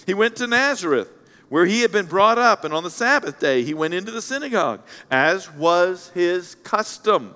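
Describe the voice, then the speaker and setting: A man preaches a Sunday sermon, blunt and animated, slipping into the voices of the people he describes. His voice sits high for a man. The sound rings out with a long hall reverb. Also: normal speed. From Central Kentucky. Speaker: pastor. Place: church sanctuary.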